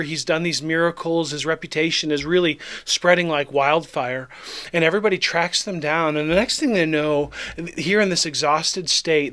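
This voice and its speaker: Pastor, male, slightly higher voice, relaxed conversational devotional teaching, reads verses aloud. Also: clear, resonant tone. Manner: conversational, reads scripture then acts out the disciples.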